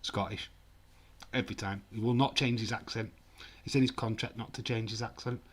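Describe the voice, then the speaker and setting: A man's voice: lowish voice, steady tone, brisk. A man hosting a football watch-along stream, chatting casually and jokingly while he reads comments from the chat. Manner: chatty, jokey, mock-offended.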